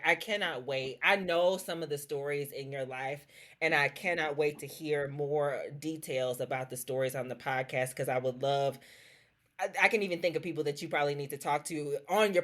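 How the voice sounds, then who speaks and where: A woman's voice: very deep voice, fairly bright tone. A woman hosting a podcast, gushing with emotion and close to tears as she thanks her guest. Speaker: podcast host. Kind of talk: heartfelt interview wrap-up.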